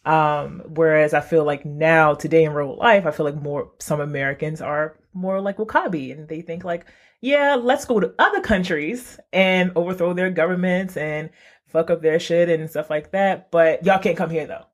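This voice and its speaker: A man's voice: on the high side, steady tone, normal speed. A man co-hosting a casual podcast chat, rambling with many restarts. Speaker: podcast co-host.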